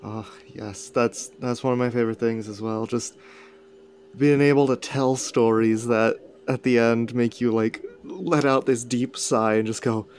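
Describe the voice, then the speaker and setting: A man's voice: medium pitch, steady tone, unhurried, a little mellow, slight background noise. A man hosting a casual podcast interview, asking questions and laughing along. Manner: friendly, encouraging, laughs often. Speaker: podcast host.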